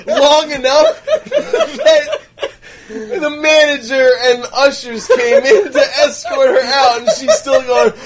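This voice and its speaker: A man in casual chat, telling animated stories and acting out other people's voices. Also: very high voice, takes it slowly, gravelly, crowd noise. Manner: animated storyteller, acts out voices loudly.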